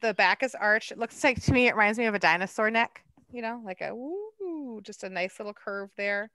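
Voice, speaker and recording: A woman art docent leading a hands-on clay lesson, chatty and quick to laugh at herself. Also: mid-range voice, fairly even intonation, pushed and bright, clean tone, no room sound.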